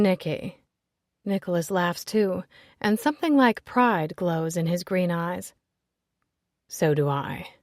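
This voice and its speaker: A woman's voice: fairly low pitch, a little mellow, no room sound. Woman narrating a romance audiobook, dry close mic.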